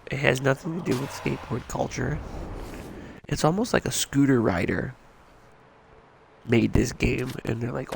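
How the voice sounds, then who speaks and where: A man streams over a headset, his voice deeply gravelly and congested from a cold. He rambles in a frustrated, foul-mouthed rant. Steady background noise sits under his voice. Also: normal speed, pauses often. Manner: rambling, frustrated, swears freely. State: stuffed up, just woke up. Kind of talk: casual gaming stream rant.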